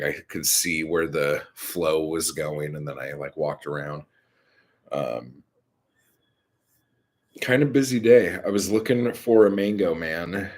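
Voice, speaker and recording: Slow, low-voiced man rambling casually. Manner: profane, rambling, filler-heavy. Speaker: live stream host.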